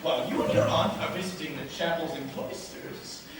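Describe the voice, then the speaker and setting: A male actor playing an excitable, bossy young college gentleman in a stage play, speaking theatrically, recorded from far off in an echoey hall. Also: on the high side, moderate pace, crowd noise, close to an everyday voice. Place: school stage in a large hall.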